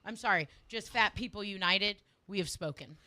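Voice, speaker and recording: A woman's voice: medium pitch, normal speed, no echo. A woman co-hosting a sports radio show, joking and laughing through playful banter. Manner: joking, animated, laughs often. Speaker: co-host.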